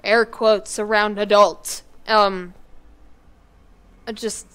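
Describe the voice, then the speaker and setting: Bright-voiced teen girl rambling over gameplay. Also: mid-range voice, steady tone, takes it slowly, clean tone. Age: teens. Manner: chatty and rambling, bursts into shrieks and yells. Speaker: gaming YouTuber. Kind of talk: let's play commentary. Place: kitchen at home.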